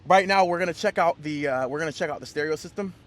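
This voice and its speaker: A man's voice: a little high, quick pace. A man giving a casual, rambling car review vlog from inside a car, with lots of fillers and restarts. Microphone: camera mounted in the car.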